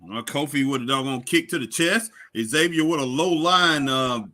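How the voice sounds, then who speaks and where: Guy with a really bright voice laughing and reading chat comments on a wrestling stream. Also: medium pitch, moderate pace. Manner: chuckling, reads chat aloud, filler "uh" and "you know". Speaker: co-host reading viewer comments. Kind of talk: casual live watch-along chat.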